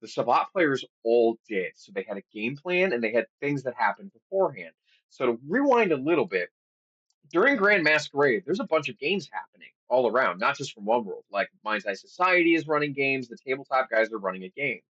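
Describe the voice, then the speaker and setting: A man telling a long game story on a podcast in a lively, casual way, swearing now and then. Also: mid-range voice, fairly quick. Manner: animated storyteller, acts out quotes, swears casually. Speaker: podcast co-host. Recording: dull lo-fi audio.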